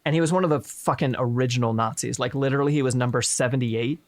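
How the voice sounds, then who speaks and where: A man's voice: mid-range voice, fast talker. A man hosting a live stream, chatting casually about history with irreverent, profane jokes. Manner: irreverent, profane, joking asides. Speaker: stream host.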